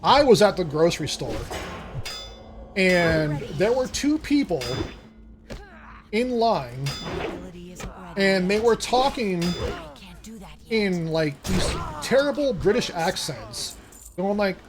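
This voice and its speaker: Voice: medium pitch, lively intonation, slow, long pauses, a little hiss or hum. A streamer telling long, rambling anecdotes in a casual chat, acting out the voices of the people in the story.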